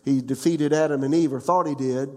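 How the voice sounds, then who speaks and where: A man's voice: mid-range voice, steady tone, a little fast, mellow, big-room sound. A pastor in his sixties preaching a conversational sermon, often asking the congregation questions.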